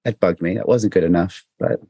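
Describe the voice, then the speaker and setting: A man's voice: deep voice, brisk, vocal fry, dark tone, breathy edge, no room sound, dull audio. A man chatting as a podcast guest, earnest and questioning, often restarting his sentences. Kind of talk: casual podcast chat.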